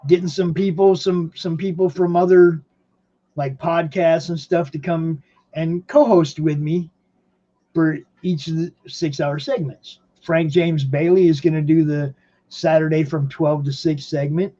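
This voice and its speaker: A man's voice: a little high, steady tone, measured pace, mellow, muffled recording. A man hosting a podcast from home in rambling casual chat, laughing often. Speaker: podcast host.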